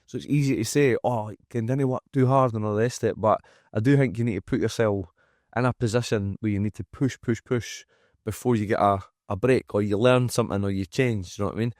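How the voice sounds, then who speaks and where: Brisk and fairly even in intonation, his darkish, low-set voice carries a Scottish accent as he chats openly on a podcast about running his gym. He swears liberally, acts out what others say, and stays frank and emphatic, recorded dry and close in a studio.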